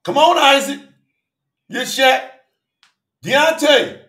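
A man preaching in a livestream sermon, fervently calling out viewers by name and swinging between shouts and low murmurs. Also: takes it slowly, reverberant. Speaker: preacher hosting a live Bible study.

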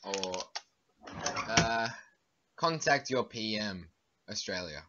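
A young man reads test questions aloud in a halting, hesitant way during casual podcast banter. His voice is bright and clear-toned. The audio is dull and lo-fi. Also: on the low side, lively intonation. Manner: hesitant, halting, fillers while reading. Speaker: podcast co-host. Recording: dull, lo-fi home recording.

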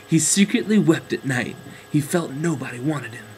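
A man narrating a children's storybook in a gentle, expressive way. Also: fairly high pitch, moderate pace, a little hiss or hum, poor audio.

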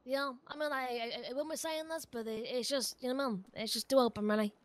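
High-voiced woman, hesitant. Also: fairly even intonation, a little fast. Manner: hesitant, repeats words, trails off. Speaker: roleplay player. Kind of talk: in-character game roleplay chat.

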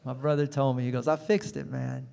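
A man doing a stand-up comedy set, telling stories with acted-out quotes and sudden shouted punchlines. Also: mid-range voice, level tone, brisk, creaky. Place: comedy club stage. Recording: live in a large reverberant venue.

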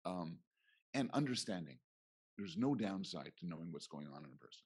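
A man's voice: low-pitched, lively intonation, normal speed, a little mellow, breathy edge. A middle-aged man, a professor, talking reflectively in a conference interview and acting out little quoted exchanges. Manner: reflective, acts out quoted voices. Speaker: guest professor.

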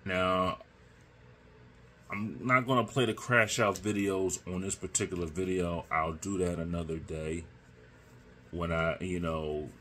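Slow, deep-voiced man podcasting. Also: steady tone, a bit bright, slight background noise. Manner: slow, emphatic, repeats his points. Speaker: podcast host. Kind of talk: solo political commentary.

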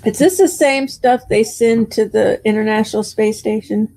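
A woman with a slightly high, gravelly voice co-hosts a casual podcast, cracking jokes and chiming in with agreement. Her tone is mellow and dark, and the sound is close and dry, with no room echo. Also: moderate pace. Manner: joking, with frequent agreeing murmurs. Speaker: podcast co-host. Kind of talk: casual chat.

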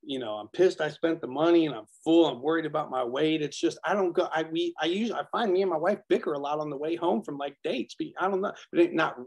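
Gravelly, husky-voiced man sharing. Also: fairly high pitch, fast talker, few pauses. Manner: rambling, self-deprecating storyteller. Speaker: workshop speaker. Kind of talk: casual sharing at a recovery workshop.

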